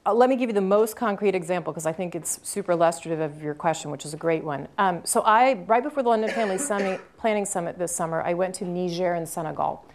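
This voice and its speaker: A woman's voice: fairly low pitch, quick pace, few pauses, a little hiss or hum. Earnest woman telling a story on stage. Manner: earnest storytelling with emphatic repetition. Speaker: guest speaker. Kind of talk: answering audience questions at a university talk.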